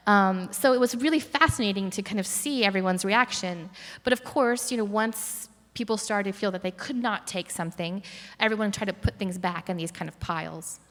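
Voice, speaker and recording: A woman's voice: mid-range voice, big-room sound. A woman curator telling a story in a conversational interview, reflective, with many fillers and restarts.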